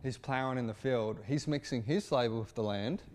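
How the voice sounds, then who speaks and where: A man giving satirical political commentary, mid-pitched and informal. He often stumbles and restarts his phrases, and his delivery stays loose and conversational throughout. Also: normal speed, hardly any pauses, a little mellow. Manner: informal, repetitive restarts, occasional swearing.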